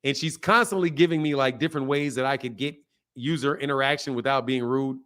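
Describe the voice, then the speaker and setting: A man's voice: medium pitch, fairly even intonation, fairly quick, fairly bright tone, clear, resonant tone. A man hosting a boxing channel livestream, talking bluntly in a rambling, repetitive way with plenty of slang and reading chat messages aloud. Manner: blunt, rambling, repeats himself. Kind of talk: casual livestream commentary.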